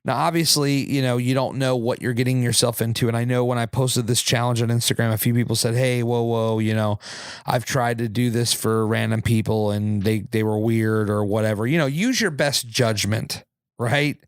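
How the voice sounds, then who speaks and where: A man's voice: mid-range voice, steady tone, normal speed, dry recording, studio quality. A man hosting a podcast, telling a story in a rambling, conversational way with fillers and asides to listeners. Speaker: podcast host. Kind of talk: casual storytelling monologue.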